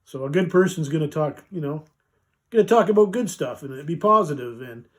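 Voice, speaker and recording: A man's voice: on the high side, lively intonation, a little fast, a bit bright. Folksy man rambling casually. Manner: rambling, folksy, many fillers and restarts. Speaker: vlogger reading a Bible passage. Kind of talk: casual live vlog with scripture reading.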